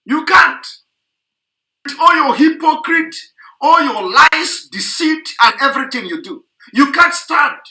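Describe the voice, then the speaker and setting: A man's voice: very high voice, animated, unhurried, bright, forceful tone, roomy sound. A man delivering a heated, repetitive, scolding political rant on an online radio broadcast.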